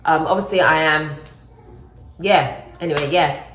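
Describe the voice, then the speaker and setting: A woman chatting casually to camera in a vlog, animated and self-mocking as she shares her news. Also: low voice, unhurried, reverberant, a little hiss or hum. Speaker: vlogger.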